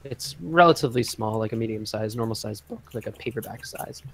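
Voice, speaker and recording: A man narrating a tabletop game as game master in a casual, halting way, with many fillers and restarts. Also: fairly low pitch, a bit bright.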